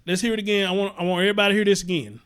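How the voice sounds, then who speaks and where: A man's voice: high-pitched, fairly even intonation, very fast, fairly bright tone, clean tone. A man hosting a live-stream commentary show, talking passionately and profanely and repeating himself as he reacts to viewer comments.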